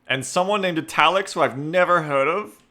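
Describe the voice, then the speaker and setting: A man's voice: on the high side, moderate pace, pushed and bright. A man chatting casually on his live stream, rambling, joking at his own expense and reading viewer names aloud. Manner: rambling, self-mocking, reads chat aloud.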